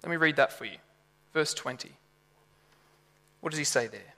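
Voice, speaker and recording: A man preaching a sermon in a lively, conversational way, full of rhetorical questions. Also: fairly high pitch, normal speed, in a large hall.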